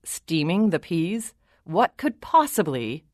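A woman's voice: fairly low pitch, very animated, takes it slowly, darkish tone, no room sound. Woman reading as a flustered storybook king, muttery and unsure, kinda dry sound. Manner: muttering, hesitant. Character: flustered, bewildered middle-aged storybook king.

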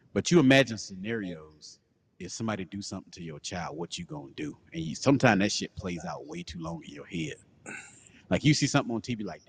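A man co-hosting a casual comedic podcast, telling animated stories and slipping into low, breathy put-on voices. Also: big-room sound, slight background noise. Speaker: podcast co-host.

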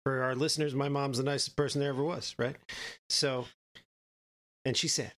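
A man's voice: medium pitch, little pitch movement, moderate pace, fairly bright tone. A man co-hosting a podcast, telling a long story in a casual, rambling way and often checking in with "right?". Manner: rambling, keeps adding "right?". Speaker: podcast co-host.

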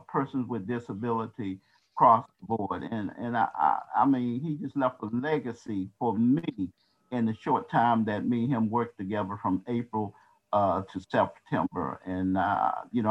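Man on a call, earnest tribute, halting delivery, dull lo-fi sound. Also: mid-range voice. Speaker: radio show cohost. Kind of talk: remembrance on a call. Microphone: video call.

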